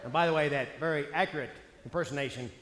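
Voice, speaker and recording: A man giving a comedic stage seminar as a speaker, animated, punchy and playful. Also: a little high, fast, noisy background. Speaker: motivational speaker. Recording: echoey hall, faint ambience.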